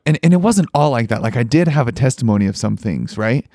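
A young man telling a personal story as a podcast guest, earnest and animated, with many filler words. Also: mid-range voice, fast talker, no echo, studio quality. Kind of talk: conversational storytelling.

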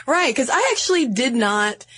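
A woman's voice: high voice, big pitch swings, normal speed, a bit bright, husky. A woman co-hosting a podcast in casual, jokey chat, often reading quotes aloud. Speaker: podcast co-host.

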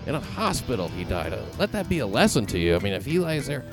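A man hosting a comedic podcast chat, reading odd news with deadpan quips and asides. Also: medium pitch, fast, over music. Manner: jokey, deadpan quips with lively intonation. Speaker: podcast host.

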